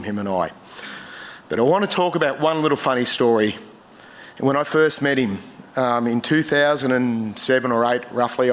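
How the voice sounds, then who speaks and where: An Australian man giving a eulogy full of personal stories, emotional and struggling to hold it together, with many pauses and fillers. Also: mid-range voice. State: choked up. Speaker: memorial speaker.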